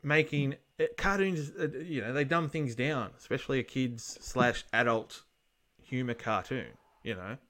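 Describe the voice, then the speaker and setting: An Australian man chatting loosely on a podcast, blunt and rambling, with the odd curse thrown in. His pitch sits in an ordinary middle range. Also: moderate pace, fairly bright tone. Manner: rambling, blunt, swears casually. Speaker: podcast co-host. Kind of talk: casual chat.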